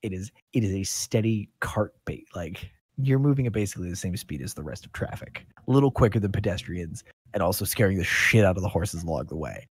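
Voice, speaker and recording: A man's voice: deep voice, animated, brisk, husky. A man narrating a tabletop game as game master in an easygoing, rambling way.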